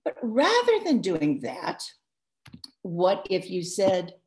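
Woman, author in a live interview, gravelly voice, rambling, lively. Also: mid-range voice, takes it slowly. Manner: lively, rambling with restarts and asides. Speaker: author discussing her book. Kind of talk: live interview, advice talk.

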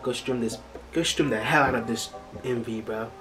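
A man hosting a music video reaction, talking casually and getting loudly excited, his voice cracking as he gushes. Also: mid-range voice, normal speed. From United States. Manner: hyped, exclamatory, voice cracking with excitement. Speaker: YouTube reaction host. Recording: music from the video playing loud behind. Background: music video playing.

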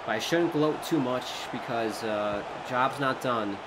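Excitable man calling a football game. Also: medium pitch, unhurried, heavy background noise. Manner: excitable play-by-play, shouting at goals. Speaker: gaming YouTuber. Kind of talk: casual gameplay commentary.

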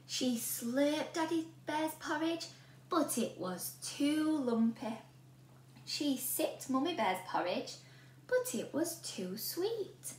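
A woman teacher reading a storybook aloud to children in an animated way, often asking the listener questions. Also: sits high, slow. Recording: roomy room with a faint hum.

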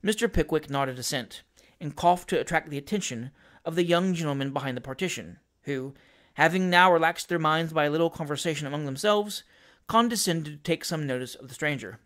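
A male reader narrating a classic novel with theatrical expression. His voice sits fairly high and carries a storytelling cadence. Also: a little fast, fairly bright tone. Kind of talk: audiobook-style reading of a classic novel.

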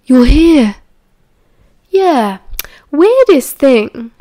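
A woman with a British accent voicing an excitable young man in a high, eager, breathless way. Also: normal speed. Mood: cheerful.

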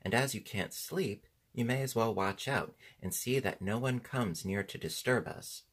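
A man's voice: fairly low pitch, fairly bright tone, husky. A man voicing a practical, cheerful young boy who reassures his companions in a storybook reading. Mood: reassuring. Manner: brisk, reassuring.

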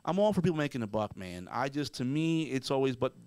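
A man's voice: mid-range voice, very animated, quick pace, darkish tone, clear, resonant tone, dry recording. A man co-hosting a podcast, ranting emphatically and with profanity, acting out mock quotes as he goes. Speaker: podcast co-host. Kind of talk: casual ranting commentary.

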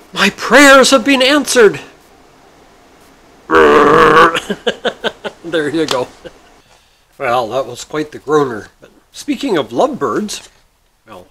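A man hosting a story and joke segment, who talks in a folksy, chuckling, unhurried way. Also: mid-range voice, fairly bright tone, husky, poor audio. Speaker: host.

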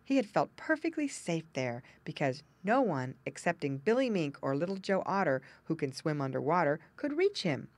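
Expressive woman reading a children's story. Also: deep voice, normal speed, hardly any pauses, dry recording. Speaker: audiobook narrator.

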